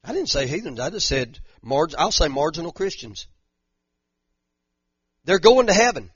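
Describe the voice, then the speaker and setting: A man's voice: on the high side, very animated, normal speed, fairly bright tone, husky, no echo, muffled recording. A pastor preaching a fervent sermon, repeating his points and using casual slang. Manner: fervent, repetitive preaching with Southern-style slang.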